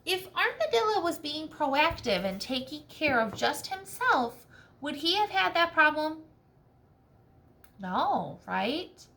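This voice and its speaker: A woman teacher reading a storybook aloud to children, expressive and checking in with questions. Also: high voice, slow, vocal fry.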